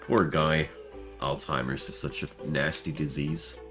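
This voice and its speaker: A man's voice: extremely low pitch, flat delivery, a little slow, over music. A man with a German accent, chatting casually while streaming a game and talking about it. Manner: chatty, laughs at himself. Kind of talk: casual gameplay commentary.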